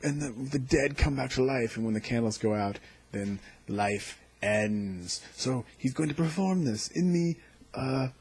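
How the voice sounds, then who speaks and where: A man hosting a casual video review of a TV episode, recounting scenes excitedly and acting out the quotes. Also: medium pitch, a little slow, breathy edge. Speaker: TV episode reviewer, channel host.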